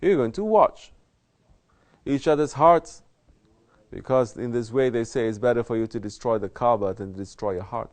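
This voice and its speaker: A man's voice: mid-range voice, moderate pace, a little mellow. A man teaching as a Sufi teacher, answering a question in a spoken sermon, emphatic and fond of rhetorical questions. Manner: emphatic, rhetorical questions, mock-quoting others. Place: Sufi lodge.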